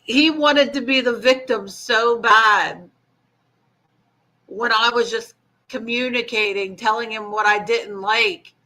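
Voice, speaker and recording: A woman's voice: fairly high pitch, slow pace, bright, forceful tone. A woman co-hosting a casual chat, telling a dating story bluntly, swearing and laughing as she goes. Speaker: co-host.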